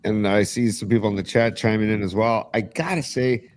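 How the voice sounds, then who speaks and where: A man with a lowish voice hosts a casual sports talk stream. He is opinionated and gets worked up, piling on fillers and restarting his sentences as he makes his case. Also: fairly even intonation, a little fast. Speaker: podcast host.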